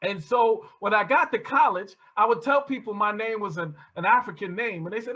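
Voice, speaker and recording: A man presenting to teachers in an animated storytelling lecture, restarting often and chuckling as he goes, over a video call. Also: sits high, fairly quick, hardly any pauses, highs cut off.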